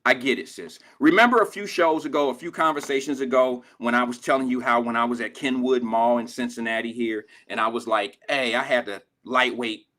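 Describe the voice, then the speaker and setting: A man's voice: medium pitch, steady tone, a little fast, hardly any pauses, sharp tone. An older man hosting a drive-time radio show, telling stories in casual, profane street slang. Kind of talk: casual talk radio monologue.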